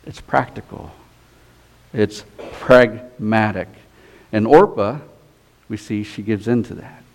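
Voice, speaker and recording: A man's voice: lowish voice, slow. A man preaching a sermon, reading scripture and retelling it in casual everyday speech. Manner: paraphrases scripture in everyday voices, conversational.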